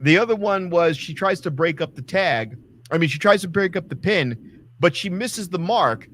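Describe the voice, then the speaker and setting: A man's voice: high voice, animated, normal speed, fairly bright tone, slight background noise. A man co-hosting a casual wrestling talk show, ranting with lots of swearing and acting out quotes. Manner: ranting, profane, acts out quotes. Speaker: podcast co-host.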